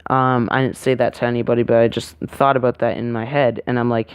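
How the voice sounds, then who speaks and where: A man's voice: medium pitch, level tone, quick pace, smooth, dry recording, studio quality. A man casually telling a vlog story, rambling and hesitant, full of fillers and self-corrections. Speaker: vlogger.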